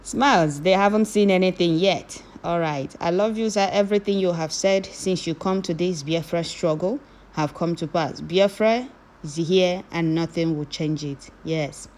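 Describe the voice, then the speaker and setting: A woman reading viewer comments aloud, moving from calm reading to loud scolding. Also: on the low side, moderate pace.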